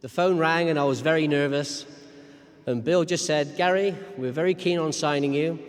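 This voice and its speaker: A man with a slightly high voice earnestly recounts a memory at a memorial. Long hall reverb hangs on each phrase. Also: moderate pace. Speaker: memorial speaker. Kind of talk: eulogy anecdote.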